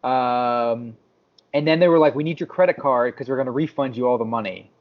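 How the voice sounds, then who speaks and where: A mid-range male voice, fairly quick, belongs to a podcast co-host telling a story casually. He performs other people's lines with animation, and the lo-fi sound is slightly dull.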